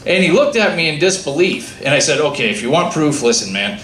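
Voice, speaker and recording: A man doing a stand-up comedy set, telling a story with lively acted-out dialogue. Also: fairly high pitch, fairly quick. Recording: echoey room with faint ambient noise.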